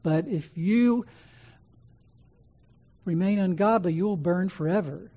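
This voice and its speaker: A preacher voicing a defiant old man, a martyr who answers calmly and firmly, in a slightly dull recording. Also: mid-range voice, slow.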